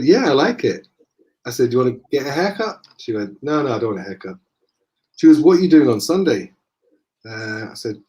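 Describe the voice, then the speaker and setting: A man with a Northern English accent, a guest in a conversation, telling lively anecdotes and acting out the dialogue. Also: mid-range voice. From northern England. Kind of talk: casual storytelling in conversation.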